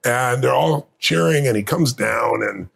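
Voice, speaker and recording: Intense middle-aged guy, rough husky voice, gets all choked up telling stories. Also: medium pitch, measured pace, fairly bright tone. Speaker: guest speaker. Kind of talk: emotional storytelling in an interview.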